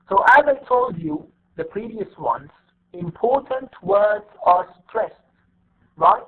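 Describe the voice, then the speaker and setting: High-voiced teacher on a tinny line. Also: male voice. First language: Arabic. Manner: repetitive, explains step by step with many fillers. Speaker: English teacher. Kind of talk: online class lecture.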